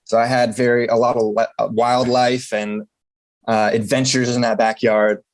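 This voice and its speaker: A man's voice: medium pitch, flat delivery, moderate pace. Chill young guy from michigan, podcast guest, laughs a lot, easygoing. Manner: laid-back, laughs often, fillers. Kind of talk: casual interview chat.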